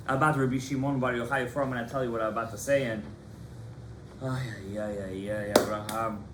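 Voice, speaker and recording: A man, a rabbi, giving a lively Torah class to students in a study hall, animated and impassioned, calling on his students by name. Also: mid-range voice, fairly quick, very noisy.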